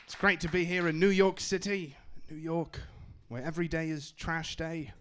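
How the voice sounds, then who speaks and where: A man with a slightly high voice performs a stand-up set on a club stage with a handheld mic. His delivery is wry and self-mocking, with punchy timing. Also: level tone, moderate pace, fairly bright tone, smooth. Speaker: stand-up comedian. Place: comedy club stage in New York.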